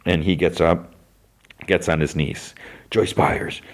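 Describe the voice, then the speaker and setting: Deep-voiced man recapping a show. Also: little pitch movement, a little slow. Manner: loose, filler-heavy retelling, slipping into characters' voices. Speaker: podcast host. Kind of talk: casual recap of a TV episode.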